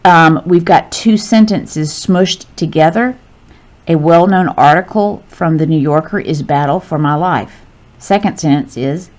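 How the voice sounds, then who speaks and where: A woman teacher talks through a grammar lesson at an unhurried, slow pace, with a slightly low voice. She explains patiently and corrects herself along the way. The sound is dull and lo-fi. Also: a little mellow.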